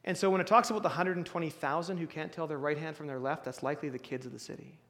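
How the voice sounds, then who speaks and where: Guy preaching a sermon, kinda high voice, chatty with restarts, lots of hall echo. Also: steady tone, fast talker, a bit bright. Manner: conversational, with restarts and bursts of emphasis. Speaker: pastor. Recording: long reverb of a hall.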